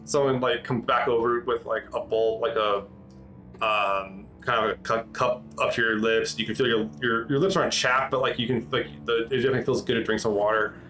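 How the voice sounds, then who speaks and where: A man's voice: medium pitch, fairly even intonation, fairly quick, bright, forceful tone, rough recording. Man game master, rambling improvised narration, medium voice, faint music bed. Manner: rambling, many restarts and fillers.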